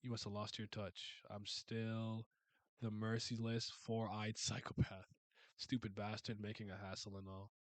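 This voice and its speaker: A man reading comic dialogue aloud as a scornful, gloating male villain, low and subdued in a mocking tone. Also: completely flat delivery, measured pace, no room sound, lightly acted.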